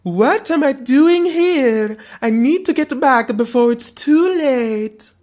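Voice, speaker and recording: A man's voice: very high voice, lively intonation, slow, darkish tone, a little hiss or hum, voice pushed up, heavily acted. A man voicing a flustered French woman with long white hair and a sword, in a put-on French accent. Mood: panicked.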